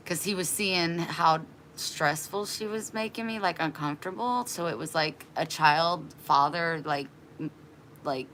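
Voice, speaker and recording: Woman vlogger with a bright, forceful voice on the low side, casually retelling a story with animated exasperation. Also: unhurried, slight background noise. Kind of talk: casual storytelling to a live chat.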